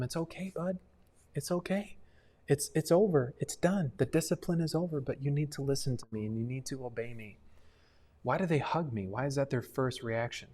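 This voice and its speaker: A young man speaking to students on a livestream, giving a devotional in an earnest, unpolished, conversational style. His voice sits at an average male pitch and stays friendly and sincere, with plenty of "uh" and "um" along the way. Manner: earnest and conversational, with frequent fillers. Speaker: youth ministry leader.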